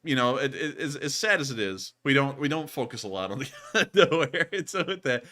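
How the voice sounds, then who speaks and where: A young man hosting a live news stream, talking in an excitable, rambling way with lots of "like". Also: medium pitch, fairly quick. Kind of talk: casual live-stream chat.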